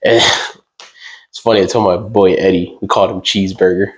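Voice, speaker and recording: A man's voice: low-pitched, fairly even intonation, moderate pace, rough recording. Young guy on a podcast rambling thru a story, lots of likes and cussing. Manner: loose storytelling, lots of fillers and swearing. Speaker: podcast co-host. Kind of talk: casual chat.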